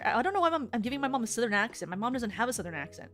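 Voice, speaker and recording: A woman's voice: a little high, very animated, very fast, few pauses, a bit bright, faint music behind. A woman streamer chatting casually to her viewers in a rambling way, with many filler words.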